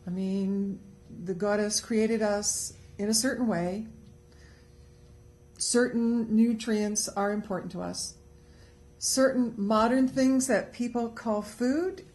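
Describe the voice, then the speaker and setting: A woman's voice: mid-range voice, measured pace, darkish tone. A woman co-hosting a casual webcast talk show, chatty and upbeat as she gives tips. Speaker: co-host. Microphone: webcast studio mic.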